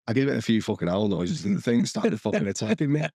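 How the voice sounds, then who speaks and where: A man with a lowish voice, chatting on a podcast. He rambles through a story with lots of false starts and the odd swear word. The sound is dry and close. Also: big pitch swings, a little fast, warm tone, no room sound. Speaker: podcast co-host. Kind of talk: casual chat.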